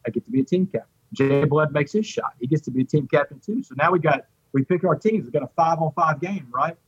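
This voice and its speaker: A man's voice: on the high side, quick pace, slightly rough, no room sound, soft background music. A man from Texas, telling a personal story as an interview guest and acting out the voices of others. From Port Arthur, Texas. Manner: animated, acts out quoted voices. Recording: dull lo-fi dry audio.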